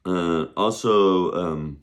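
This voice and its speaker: A man teaching Mandarin in a casual online lesson, joking around, spelling out words and drawing them out slowly for learners to repeat. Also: sits low. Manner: playful, jokey, sings to himself; slow, drawn-out model pronunciation. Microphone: camera on a desk.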